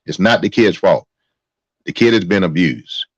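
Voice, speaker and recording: A man's voice: sits low, normal speed, no echo. A male host giving angry, profane live-stream commentary, repeating himself as he vents. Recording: dry, dull lo-fi sound.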